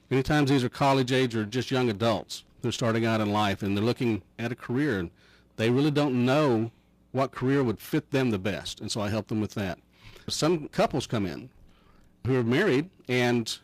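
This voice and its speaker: A middle-aged man, a counselor, talking in a folksy, measured way and telling anecdotes. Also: medium pitch, no echo, low-quality recording. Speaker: counselor guest. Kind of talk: casual chat.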